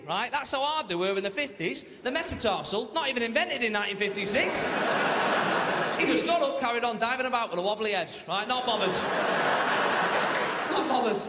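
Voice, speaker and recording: A man's voice: very high voice, lively intonation, fairly quick, very noisy. A young man with a Manchester accent doing a stand-up set, chatty and cheeky as he banters with the crowd. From Manchester, England. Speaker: stand-up comedian. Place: large theatre stage. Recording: echoey live theatre with loud crowd laughter. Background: audience laughter and applause.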